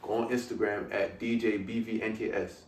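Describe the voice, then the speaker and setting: A man's voice: lowish voice, flat delivery, normal speed, a little mellow. A man with a Brooklyn accent, a guest DJ talking in a hyped, boastful way with lots of slang. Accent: Brooklyn New York. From Brooklyn, New York. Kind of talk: casual podcast chat. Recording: roomy, distant mic with faint noise.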